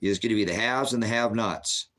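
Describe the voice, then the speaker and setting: A man's voice: fairly low pitch, quick pace, fairly bright tone. A middle-aged man preaching bluntly on a livestream, answering viewers' chat questions in a combative, sermonizing way.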